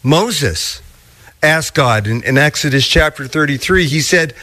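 A man preaching a sermon, teaching through a scripture passage with slow, deliberate emphasis. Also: fairly high pitch, expressive, sharp tone. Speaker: pastor.

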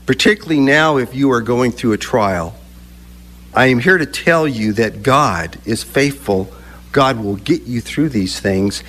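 A man preaching a sermon, speaking deliberately with emphatic pauses between phrases. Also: medium pitch, a bit bright. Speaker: pastor.

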